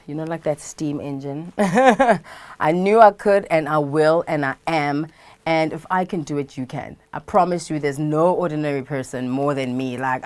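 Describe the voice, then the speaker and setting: A South African woman, a radio presenter, chatting playfully and animatedly in a casual interview, laughing often. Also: deep voice. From KwaZulu-Natal, South Africa.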